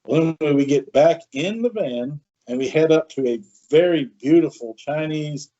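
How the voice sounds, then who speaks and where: A man hosting a podcast, chatty and animated as he tells a story with asides. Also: fairly high pitch, moderate pace. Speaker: podcast host. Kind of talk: casual storytelling. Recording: dull lo-fi sound.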